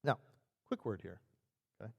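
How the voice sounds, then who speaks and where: A man's voice: normal speed, darkish tone. A male pastor preaching a sermon in a conversational, storytelling way. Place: church sanctuary. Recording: reverberant church sanctuary.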